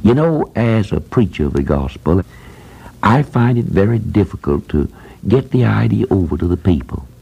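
Deep gravelly older preacher. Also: male voice, very animated, moderate pace, warm tone, low-quality recording. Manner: plain folksy preaching, repeats phrases for emphasis. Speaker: preacher who runs a Christian school. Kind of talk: sermon.

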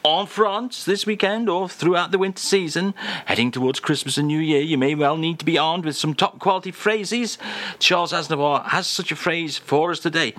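A man's voice: a little high, fairly bright tone. A man hosting a comic radio chat in a jokey, mock-formal manner. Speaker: radio host.

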